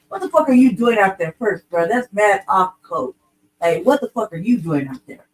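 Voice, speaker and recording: On a casual podcast, a female co-host rants bluntly using profane street slang. Her medium-pitched voice is fast with lively intonation, and she sounds distant from the mic.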